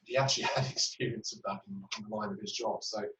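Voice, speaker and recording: A clinical trainer teaches communication skills in a webinar, explaining with patient examples and plenty of fillers. He has a lowish, slightly bright voice with fairly even intonation and talks fast. The webinar recording sounds roomy, distant and dull.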